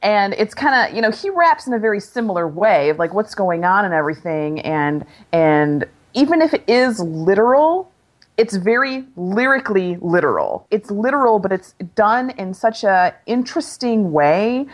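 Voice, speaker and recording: A woman's voice: mid-range voice, big pitch swings, moderate pace. A woman co-hosting a podcast, chatting casually and animatedly, laughing often and restarting her sentences. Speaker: podcast co-host. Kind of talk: casual chat.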